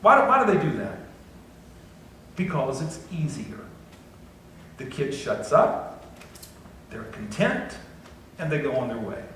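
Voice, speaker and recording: A middle-aged man with a medium-pitched, slightly bright voice delivers a chatty sermon as pastor, adding folksy, self-deprecating remarks. The church sanctuary recording is echoey and far off, with a little background noise.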